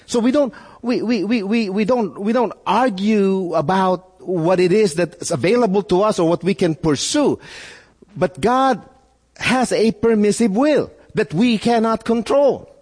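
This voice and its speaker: A man's voice: high voice, unhurried, a little mellow, breathy edge. A man preaching a sermon as pastor, earnest and full of rhetorical questions, often repeating words as he builds a point. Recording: long reverb in a hall.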